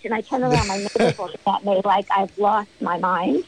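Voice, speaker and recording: A middle-aged woman, a spiritual medium, speaking as a podcast guest and telling stories with lively acted-out quotes. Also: mid-range voice, fairly quick, rough recording. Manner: animated storyteller, acts out quotes. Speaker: spiritual medium and card reader.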